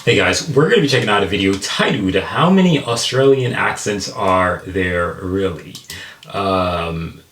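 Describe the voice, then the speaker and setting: A man's voice: low-pitched, animated, unhurried, a bit bright, roomy sound. An American man hosting a reaction video, chatting casually and enthusiastically. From United States. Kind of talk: casual chat.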